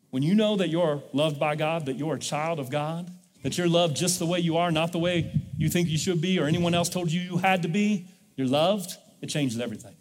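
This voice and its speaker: A man's voice: on the high side, big-room sound. A male pastor preaching a sermon in a church, leading the congregation in call-and-response. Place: church sanctuary.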